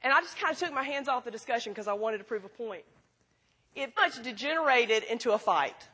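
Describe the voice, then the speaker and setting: A middle-aged woman giving an animated, folksy sermon, telling stories to a school audience. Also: a little high, fairly quick, slightly rough. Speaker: speaker at a school chapel. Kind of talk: sermon with storytelling.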